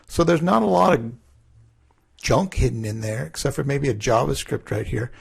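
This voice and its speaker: A man teaching a class through a relaxed, conversational screen-recorded coding tutorial, thinking aloud as he works. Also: a little high, vocal fry, slightly rough.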